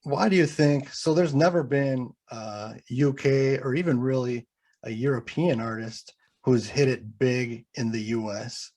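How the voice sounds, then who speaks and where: American man asking relaxed questions. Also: medium pitch, measured pace. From United States. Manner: relaxed, thoughtful questioning with short backchannels. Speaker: podcast host. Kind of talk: interview questions.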